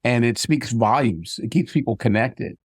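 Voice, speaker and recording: A man's voice: mid-range voice, normal speed, breathy edge, no room sound, clean studio sound. Older man telling family stories. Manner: animated storyteller acting out quoted dialogue. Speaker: guest, retired army sergeant major. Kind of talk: casual storytelling interview.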